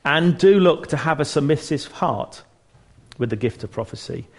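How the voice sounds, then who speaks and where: A man's voice: fairly high pitch, expressive, moderate pace, creaky, breathy edge. A man giving an informal church teaching talk, earnest and chatty, restarting phrases and joking at his own expense. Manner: chatty and earnest, with frequent restarts and self-mocking humour.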